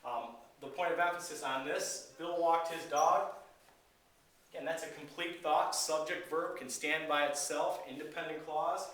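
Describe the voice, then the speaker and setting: A man, an English teacher, giving a recorded grammar lecture in a relaxed, explanatory way with frequent fillers. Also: on the high side, moderate pace, hardly any pauses. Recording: very echoey room, voice from a distance.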